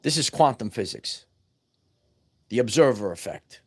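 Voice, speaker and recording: A man's voice: medium pitch, lively intonation, a little slow, darkish tone, slightly rough. A man giving a casual spiritual teaching talk to his viewers, emphatic and full of repeated words and restarts. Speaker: spiritual wellness vlogger.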